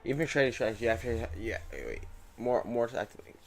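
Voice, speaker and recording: A man's voice: medium pitch, very animated, fairly quick, creaky. A young man live-streaming his day trading, chatting casually in slangy, rambling talk that keeps coming back to "bro". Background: faint music playing.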